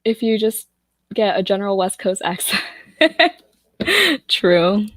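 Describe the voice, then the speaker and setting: A woman's voice: medium pitch, very animated, slow pace, fairly bright tone, dry recording, studio quality. A young American woman hosting a live book-club stream, laughing often and greeting viewers from the chat. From United States. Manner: giggly, reads out chat comments. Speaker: host.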